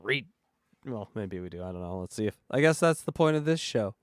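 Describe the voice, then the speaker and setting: A man hosting a comedy podcast, laughing often and joking with crude humor. His pitch swings widely as he riffs, and the studio sound is dry and close. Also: expressive, fairly quick, dry recording. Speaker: podcast host. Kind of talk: comedic casual chat.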